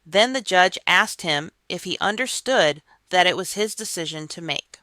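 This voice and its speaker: A news narrator reading a scripted court report in an even, measured way. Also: mid-range voice, no echo.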